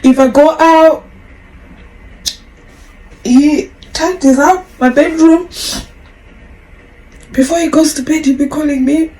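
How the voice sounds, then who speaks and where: A woman's voice: high voice, fairly even intonation, slow, pauses often, dark tone, rough recording. A woman in her forties hosting a podcast, telling a personal story in a candid, emotional, rambling way with frequent restarts. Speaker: podcast host.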